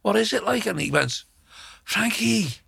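A man tells anecdotes in casual chat, acting out other people's lines and swearing freely. His voice is gravelly and husky, with a bright, forceful edge. The sound is dry and close. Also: a little high, brisk, no echo. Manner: animated anecdotes with acted-out quotes and swearing. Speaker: guest.

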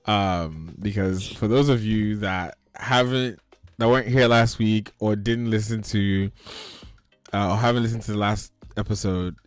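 A man hosting a casual online chat show on a video call, lively and joking, laughing often and trailing off into fillers. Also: on the low side, dry recording. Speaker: podcast host.

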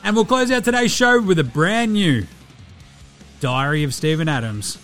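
Brash Aussie podcast host, fairly high voice, quick joking outro over faint music. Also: male voice, lively intonation, fairly bright tone.

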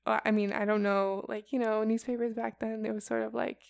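Chatty young woman with a gravelly edge. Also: mid-range voice, flat delivery, a little fast, darkish tone, no room sound, studio quality. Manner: chatty and casual, heavy with fillers like "like" and "um". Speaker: podcast co-host presenting a report. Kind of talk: casual chat.

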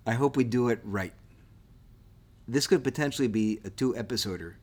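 A man's voice: medium pitch, normal speed. A man co-hosting a history podcast in casual chat, enthusiastic and eager as he wraps up the episode. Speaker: podcast co-host.

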